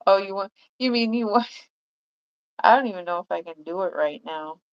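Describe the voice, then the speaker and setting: A woman's voice: medium pitch, moderate pace, smooth, muffled recording. A woman chatting on a livestream in a rambling way, full of fillers and restarts. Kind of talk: casual livestream chat.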